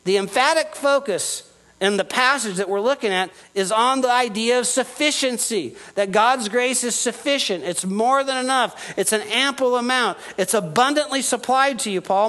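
A high-voiced man delivers a sermon from the pulpit. He preaches earnestly, leaning into key words and letting his voice rise and fall with each point. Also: moderate pace, pushed and bright, rough recording. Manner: earnest preaching, rising and falling with emphasis. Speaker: pastor.

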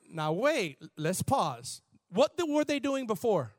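A man preaching a sermon in an animated, conversational way, shifting from soft asides to shouts. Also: sits high, slow pace, hardly any pauses, dry recording, studio quality. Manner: conversational, laughs and repeats words. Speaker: pastor.

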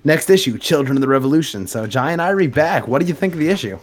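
A man's voice: fairly high pitch, animated, fast. A man co-hosting a podcast, recapping a comic issue in casual chat with many filler words. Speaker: podcast co-host.

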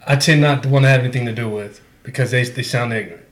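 A man co-hosting a casual podcast, telling stories in a rambling, halting way with lots of profanity. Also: mid-range voice. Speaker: podcast co-host.

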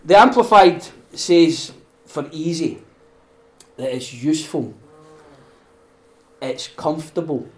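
A Scottish man hosting a podcast and preaching in a conversational way, animated, laughing often and acting out voices. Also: fairly high pitch, slow, pauses often. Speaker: podcast host.

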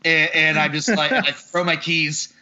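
A man on a podcast tells a story in casual chat, exasperated and freely swearing. His voice is very bright and sits a little high. The audio is slightly dull and lo-fi. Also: steady tone, measured pace. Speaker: podcast host.

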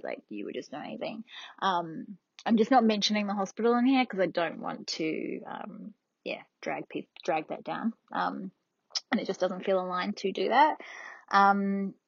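A woman's voice: on the low side, no echo, lo-fi sound. A woman hosting a podcast, telling a personal story in a candid, blunt way, swearing freely and laughing often, and speaking directly to her listeners. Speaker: podcast host.

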